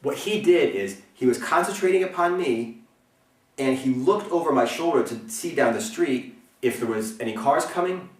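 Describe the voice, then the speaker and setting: A man explaining self-defense as an instructor, speaking earnestly and often checking in with a quick "okay?". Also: medium pitch, far from the mic. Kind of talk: instructional talk. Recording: roomy, mic set back from speaker.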